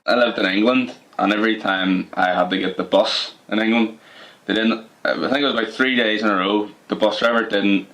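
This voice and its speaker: A man's voice: on the low side, steady tone, normal speed, a bit bright. A young man from Northern Ireland with a Northern Irish accent, hosting a podcast in a jokey, casual way. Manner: laughs often, jokey. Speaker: podcast host. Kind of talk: casual chat.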